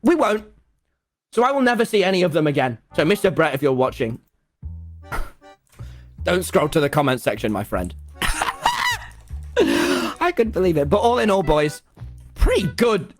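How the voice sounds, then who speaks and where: A man's voice: high-pitched, very animated, unhurried, long pauses, soft background music. A man telling a comedic story to his viewers, acting out the dialogue and laughing a lot. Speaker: video creator.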